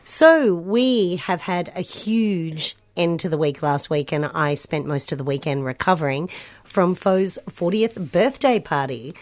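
A woman's voice: fairly low pitch, lively intonation, unhurried, no echo. A woman co-hosting a community radio show, chatting casually and upbeat with frequent backchannels. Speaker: radio co-host.

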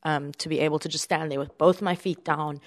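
A stage actress speaks in a deep, low voice. She answers earnestly, pausing on fillers as she thinks. The sound is dry and close. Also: steady tone, no echo. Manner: earnest, thoughtful, many fillers. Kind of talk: interview answer.

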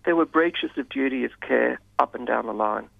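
A man speaking as a radio guest in a measured, hesitant way with many fillers. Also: mid-range voice, gravelly, no room sound. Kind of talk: radio interview. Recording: dull lo-fi radio sound, dry.

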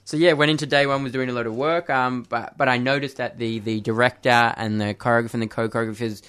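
A man's voice: mid-range voice, fairly even intonation, fast, a bit bright, smooth. A young man, a dancer and actor, chatting casually in an interview, with many fillers and friendly laughs.

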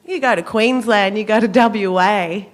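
An Australian woman, a senator, giving an impassioned political speech at a forum, measured and emphatic with a cutting, sarcastic edge. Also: mid-range voice. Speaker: senator speaking at a public forum.

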